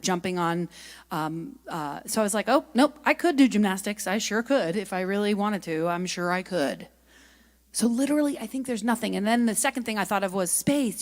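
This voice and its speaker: A middle-aged woman giving a lively, chatty spiritual talk at a spiritual center, telling stories and asking her audience questions. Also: medium pitch. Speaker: guest speaker and singer.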